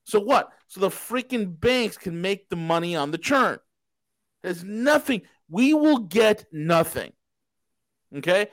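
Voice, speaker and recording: A man's voice: high-pitched, lively intonation, takes it slowly, dry recording, rough recording. A man hosting a podcast, giving a casual but heated markets commentary, asking himself rhetorical questions and swearing for emphasis. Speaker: podcast host.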